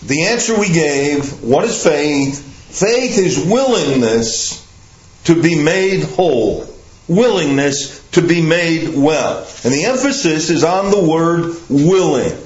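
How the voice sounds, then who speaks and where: A man preaching a sermon in a slow, emphatic way, putting questions to his listeners. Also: on the high side, lively intonation. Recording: echoey room, slightly dull sound.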